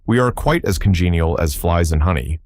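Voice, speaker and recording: A man's voice: low voice, animated, a little fast, darkish tone, dry recording, clean studio sound. A man voicing a prim, easily offended wooden man with a pumpkin head. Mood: prickly. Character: touchy male pumpkin-headed wooden man, stiff.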